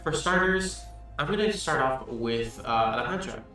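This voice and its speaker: A man's voice: medium pitch, moderate pace. Man running a tabletop game, echoey room. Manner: relaxed, filler-heavy narration. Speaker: game master. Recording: echoey room, distant mic, faint music.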